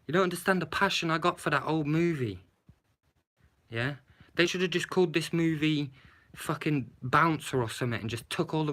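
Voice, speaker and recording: A man with a fairly high, fairly bright voice rants through a live-streamed movie review, swearing a lot and firing off rhetorical questions. He films on a handheld phone that shakes while he speaks.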